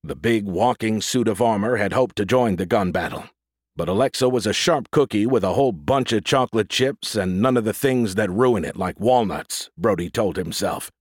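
A man narrating an audiobook in a steady, even storytelling manner, close to a studio mic. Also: lowish voice, moderate pace, husky, dry recording.

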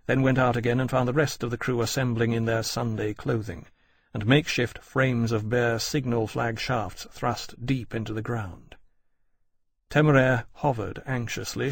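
A man narrating an audiobook in an even, measured storytelling way. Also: mid-range voice, vocal fry, breathy edge. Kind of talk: scripted narration.

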